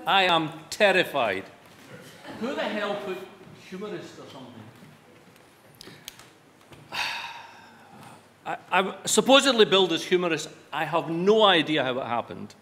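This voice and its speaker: Scottish man, wry self-deprecating humorist, fairly high voice, long hall reverb. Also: very animated, moderate pace, long pauses, fairly bright tone. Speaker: after-dinner humorist. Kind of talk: humorous speech to a live audience. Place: large event hall before an audience. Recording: reverberant hall with light background noise.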